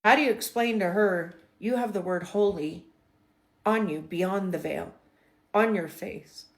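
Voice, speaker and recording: A middle-aged woman shares a personal spiritual story in a vlog, her medium-pitched voice moving at a measured pace. She is emotional and expressive, sinking to whispers and then rising into excited bursts.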